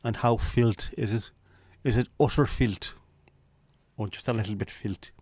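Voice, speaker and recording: A man's voice: on the low side, fairly even intonation, unhurried, darkish tone, husky, no echo. A man hosting a casual livestream chat, joking and teasing his viewers in loose banter. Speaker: livestream host.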